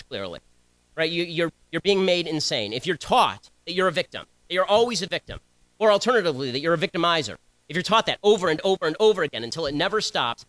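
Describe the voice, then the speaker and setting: A young man giving a combative, sarcastic political speech to students, talking in rapid-fire bursts. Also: a little high, fairly bright tone, dry recording, low-quality recording. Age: young adult.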